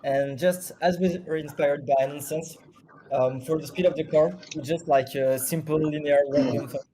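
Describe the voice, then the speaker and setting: Halting, mellow-voiced man. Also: a little high, fairly even intonation, slight background noise. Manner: halting, many fillers and self-corrections. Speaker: project founder guest. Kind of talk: casual chat.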